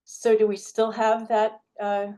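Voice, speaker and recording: A woman's voice: a little high, monotone, unhurried, warm tone. A woman hosting a poetry reading, introducing the next poet in a chatty way, full of fillers, asides and earnest praise. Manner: earnest, gets choked up.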